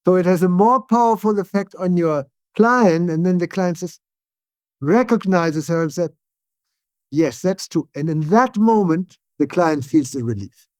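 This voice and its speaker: Man, English speaker, higher-pitched voice, dry close recording, explains carefully, restarts often. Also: no echo. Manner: tag "yeah?" questions, frequent restarts, calm and deliberate. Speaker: neuroscientist guest. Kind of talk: conversational interview explanation.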